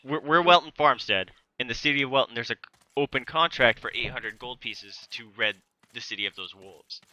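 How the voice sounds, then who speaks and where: A man's voice: medium pitch, brisk, bright, forceful tone, no echo, rough recording. A young man narrating as game master, describing scenes and quoting characters in a casual way. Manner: casual, laughing, describes and quotes characters plainly.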